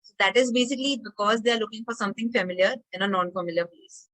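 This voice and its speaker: Female podcast guest with an Indian accent, frank and opinionated, mid-pitched. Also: quick pace, a bit bright, poor audio. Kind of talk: casual interview chat.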